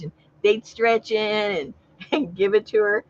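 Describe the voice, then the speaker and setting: A woman from Southern California talks in an unhurried, mid-range voice during a casual livestream chat, full of stories and frequent laughter. The recording has a dull lo-fi quality.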